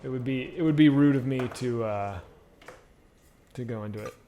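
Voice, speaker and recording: A man live-streams a game while chatting casually with viewers, rambling and swearing freely. He speaks at a medium pitch and normal speed, and the recording is very noisy.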